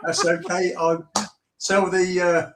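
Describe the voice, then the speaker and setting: A man's voice: high voice, little pitch movement, takes it slowly. A man joining a live stream remotely, bantering in a dry, teasing way. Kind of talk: casual banter. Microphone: remote call. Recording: roomy remote call with faint noise.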